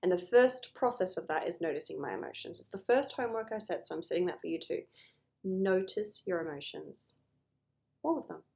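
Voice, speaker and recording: Gravelly-voiced woman therapist talking earnestly. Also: on the low side, lively intonation, brisk, mellow. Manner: earnest, acts out client conversations. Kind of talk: talking to camera about emotions.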